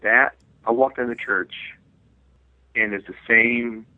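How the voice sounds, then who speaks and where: A man, the guest author, earnestly telling a personal testimony in an interview, pausing and restarting as he goes. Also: mid-range voice, steady tone, dry recording. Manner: earnest, reflective storytelling with frequent restarts. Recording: phone-like line.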